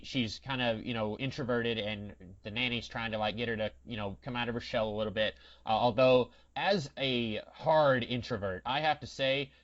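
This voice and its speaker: A man's voice: medium pitch, fairly bright tone. A man co-hosting a podcast in casual chat, with a dry, wry and rambling way of talking. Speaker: podcast co-host. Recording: dull lo-fi sound.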